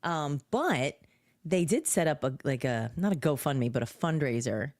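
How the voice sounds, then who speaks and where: A woman co-hosting a podcast, chatty and quick to laugh, reading out listener comments in casual chat. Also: low voice, expressive, a little mellow, dry recording, studio quality. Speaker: podcast co-host.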